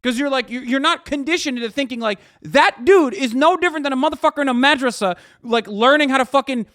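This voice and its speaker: A man's voice: extremely high pitch, fast, a bit bright, no room sound, clean studio sound. A man in his thirties streaming a heated, profane and sarcastic rant, reacting to the news as he talks. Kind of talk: ranting casual commentary.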